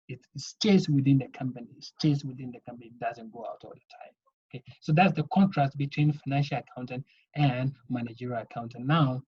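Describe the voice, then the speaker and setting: A man's voice: medium pitch, warm tone, slightly rough. A man teaching an accounting lesson, explaining step by step and often checking in with "okay?". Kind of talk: video lesson lecture. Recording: dull lo-fi recording.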